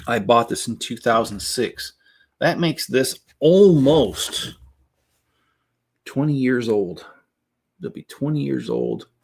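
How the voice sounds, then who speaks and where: A man's voice: medium pitch, animated, slow pace, creaky, long pauses, slightly rough. A middle-aged man hosting a casual building stream, rambling as he talks to viewers in the chat. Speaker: Lego building channel host.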